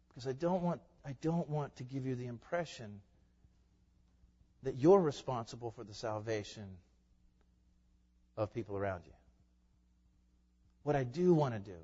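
A man preaching a sermon as a pastor, swinging between loud emphatic lines and soft hushed ones. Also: mid-range voice, breathy edge, in a large hall, dull audio.

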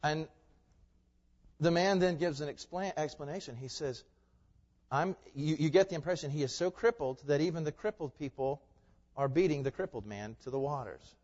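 A male pastor preaching a sermon, moving from quiet, conversational asides to loud, forceful proclamation. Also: on the high side, a little fast. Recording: muffled sound with long hall reverb.

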